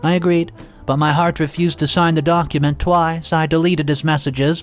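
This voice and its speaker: A man narrating a first-person story in an expressive, dramatic reading with occasional restarts. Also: on the high side, moderate pace, faint music behind.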